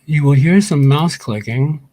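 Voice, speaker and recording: A man's voice: fairly high pitch, a little slow, mellow, no echo. A man ranting on a livestream, angry and profane, repeating his points over and over. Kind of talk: heated livestream rant.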